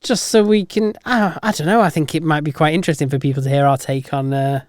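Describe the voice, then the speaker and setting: A man's voice: fairly high pitch, steady tone, quick pace, dry recording. A man co-hosting a podcast in casual chat, easygoing and dry. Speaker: podcast co-host.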